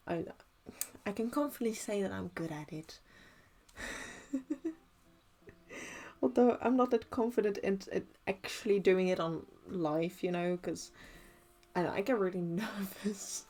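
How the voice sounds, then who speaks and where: Young woman, casual stream chat, unhurried and low, laughs between halting phrases. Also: darkish tone. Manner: giggly, hesitant, many restarts. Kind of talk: casual livestream chat while crafting.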